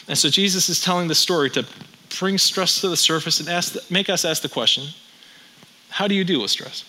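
A man's voice: sits high, brisk, sharp tone, a little hiss or hum, low-quality recording. A pastor in his thirties preaching a sermon, mixing wry jokes with strings of rhetorical questions.

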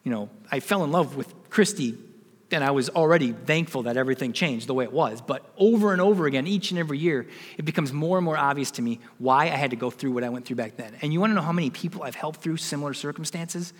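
A man's voice: on the high side, fast, big-room sound. A man in his forties, a pastor giving a sermon, telling a personal story and building to emphatic preaching.

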